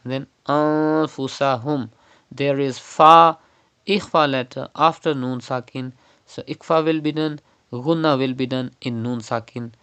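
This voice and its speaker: A man teaching Quran recitation online, explaining pronunciation rules step by step and repeating words slowly as examples. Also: medium pitch, fairly even intonation, sharp tone, clear, resonant tone. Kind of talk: online tajweed lesson.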